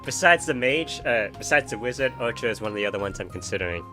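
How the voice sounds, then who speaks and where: A man's voice: mid-range voice, lively intonation, quick pace, bright, forceful tone, soft background music. A man chatting during a game stream, laid-back, with short reactions and questions. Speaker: fellow player. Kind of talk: casual chat while gaming.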